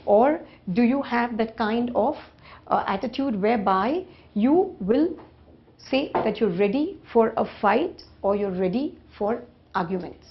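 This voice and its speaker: A woman's voice: fairly high pitch, expressive, unhurried. A woman giving a classroom lecture, posing rhetorical questions and checking in with "right?" as she explains. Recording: dull lo-fi recording.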